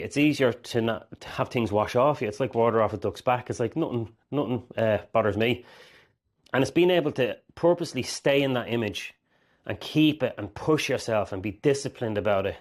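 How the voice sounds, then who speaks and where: A man speaking as a mindset coach, earnest and rambling, often acting out inner voices. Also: mid-range voice. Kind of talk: direct-to-camera coaching talk.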